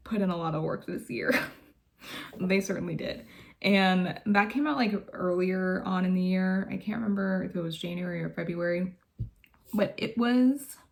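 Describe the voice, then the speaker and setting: A woman vlogger chatting casually from her bedroom, gushing and laughing often as she talks. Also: on the low side. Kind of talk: casual chat.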